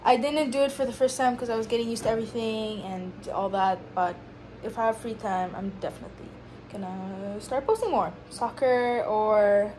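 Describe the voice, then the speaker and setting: A woman's voice: a little high, normal speed. Young woman giving a noisy dorm tour. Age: young adult. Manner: listing items in a relaxed, offhand way. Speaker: vlogger. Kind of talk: casual room tour narration. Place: dorm room.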